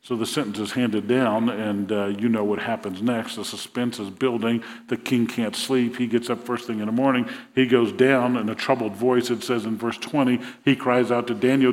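A man's voice: mid-range voice, fairly even intonation, normal speed, hardly any pauses. Man preaching in a reverberant hall. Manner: storytelling preacher, voices the king's lines with rising emphasis. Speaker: pastor. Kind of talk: sermon.

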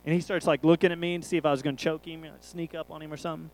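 A man's voice: on the high side, little pitch movement, rapid-fire, darkish tone, rough recording. A man, preaching a sermon through a rambling, jokey family story.

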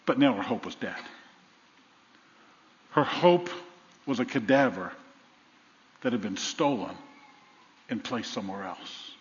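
Animated preacher in a reverberant church. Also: male voice, medium pitch, a little slow, pauses often. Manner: dramatic preaching with voiced quotes and humor. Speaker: pastor. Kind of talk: sermon. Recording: dull sound with long hall reverb.

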